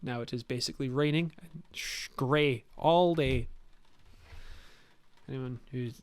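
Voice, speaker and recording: A man's voice: mid-range voice, measured pace, clean tone, no echo. A young man hosting a podcast, giving blunt, sweary, rambling advice to new dungeon masters in casual talk. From Scotland.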